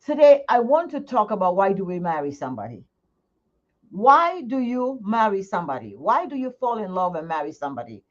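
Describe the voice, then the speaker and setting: Middle-aged woman, lively swinging pitch, frank venting chat, home livestream, muffled lo-fi phone sound. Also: a little fast. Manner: animated, venting frankly to viewers. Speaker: skincare channel host.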